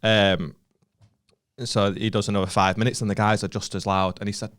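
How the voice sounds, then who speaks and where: A man's voice: on the low side, fairly quick, smooth. A young northern English man, a comedian co-hosting a podcast, tells a story in casual chat, laughing often and acting out what people said. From northern England. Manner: animated, laughs often, acts out quotes.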